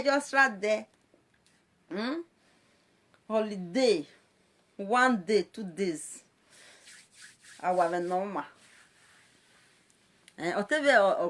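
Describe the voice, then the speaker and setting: A woman with a Nigerian Pidgin accent, talking playfully and animatedly in a casual live-stream monologue as a social media presenter. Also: medium pitch. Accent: Nigerian Pidgin English. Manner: animated, playful, frequent laughs and exclamations.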